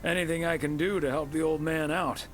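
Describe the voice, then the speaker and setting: A man voicing a friendly, easygoing middle-aged postman in a video game, with a husky voice, heard through the game's audio. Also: fairly high pitch, fairly even intonation, a little fast, fairly bright tone.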